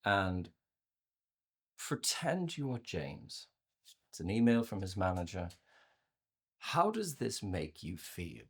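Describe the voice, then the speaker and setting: A man presenting a workshop on communication to a virtual audience, conversational and animated, often repeating words as he restarts his sentences. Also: takes it slowly, long pauses, breathy edge. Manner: acts out inner voices with playful pitch jumps. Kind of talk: live talk to a virtual audience.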